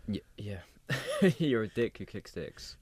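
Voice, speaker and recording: Deep-voiced, tired young host. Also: male voice, wildly swooping pitch, slow pace, a little mellow, a little hiss or hum. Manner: dry, teasing, laid-back. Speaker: podcast host. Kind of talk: casual chat.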